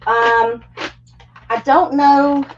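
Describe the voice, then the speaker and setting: A woman's voice: high voice, very slow, muffled recording, slight background noise. A middle-aged woman chatting as a guest on a livestream, telling family stories and acting out what people say. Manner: animated storyteller, acts out family quotes. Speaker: guest craft creator. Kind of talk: casual livestream chat.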